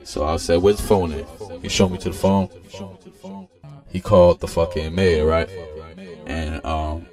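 A man telling an absurd comic story in a laid-back, profane, rambling deadpan way. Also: deep voice, a little slow, long pauses, faint music behind.

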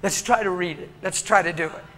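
A man's voice: high voice, fairly quick, fairly bright tone. A male preacher delivering an emotional, story-driven sermon in a church, acting out the people in his stories. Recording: long church reverb, faint background noise.

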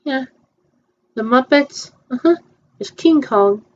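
A woman's voice: sits high, animated, slow pace, a little mellow, highs cut off, slight background noise. A woman chatting casually through a virtual theme-park tour, hesitant and playful, with frequent ums.

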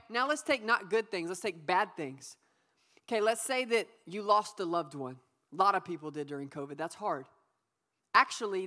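A young adult woman giving a youth sermon, playful and lively, calling on the audience to repeat words back. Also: medium pitch. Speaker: youth pastor. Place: church youth service.

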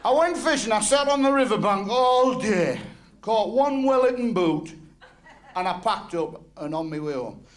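A man from North West England with a Northern English accent, telling crude jokes bluntly and quick-fire as a stand-up comedian on stage. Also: high-pitched, lively intonation.

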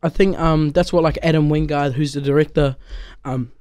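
A young New Zealand man talks loosely through an interview, leaning on "like" and "um". His voice sits a little high, and the sound is dry and close. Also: fairly even intonation, normal speed, darkish tone, no echo. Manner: chatty, loose, full of "like" and "um". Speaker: actor being interviewed. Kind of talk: casual interview chat.

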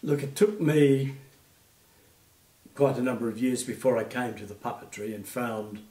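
An Australian man in his eighties, a retired puppeteer, telling gentle stories in an interview with many fillers. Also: medium pitch, moderate pace, far from the mic. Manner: gentle anecdotal storytelling, frequent fillers. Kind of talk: reminiscing interview. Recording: echoey room, off-mic.

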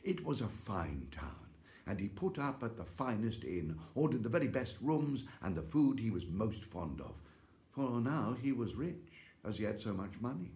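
A man's voice: lowish voice, sing-song, moderate pace, darkish tone. A male actor reading a fairy tale aloud at home in a theatrical way, with gasps and exclamations. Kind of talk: expressive storybook reading. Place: home, during lockdown. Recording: echoey room.

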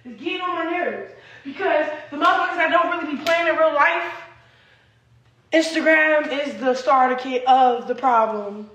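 A woman's voice: sits high, normal speed, a bit bright, echoey room, low-quality recording. A young woman in a rambling, agitated and profane livestream rant, recorded on a phone.

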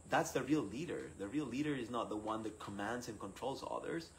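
A man from Rica, telling a personal story in an animated way, laughing and acting out what others said. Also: lowish voice, brisk, hardly any pauses, a little hiss or hum, low-quality recording. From Costa Rica. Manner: animated, acts out quoted voices, laughs often. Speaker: speaker sharing his personal story.

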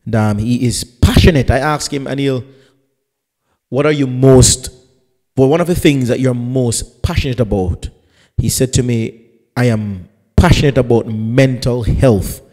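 A man's voice: medium pitch, a little slow, a little mellow, long reverb tail. A man, a pastor hosting a live radio talk show, introducing his guest in a chatty, teasing way with rambling asides.

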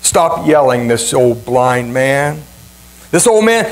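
A male pastor preaching a sermon with emphatic, dramatic repetition and swings in pitch. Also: big pitch swings, takes it slowly, low-quality recording. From Ohio, USA.

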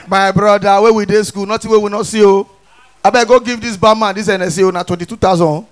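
A Nigerian man performs stand-up in pidgin, his voice sitting very high and bright. He acts out the people in his stories, jumping into shouts and exaggerated voices as he goes. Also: a little fast. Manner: animated storytelling with acted voices and shouts. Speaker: stand-up comedian.

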